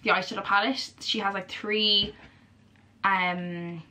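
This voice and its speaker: Gushing, excitable young Irish woman. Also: mid-range voice, slow pace, slight background noise. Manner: gushing, excitable, chatty with many fillers. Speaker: vlogger. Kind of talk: casual vlog chat.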